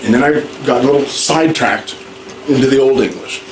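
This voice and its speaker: A man's voice: mid-range voice, fairly quick. Guy rambling through a classroom lesson, chatty, echoey room w/ lots of noise. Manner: rambling, conversational, asks the class questions. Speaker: ESL teacher. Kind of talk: classroom lecture. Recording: echoey room, distant mic, noisy.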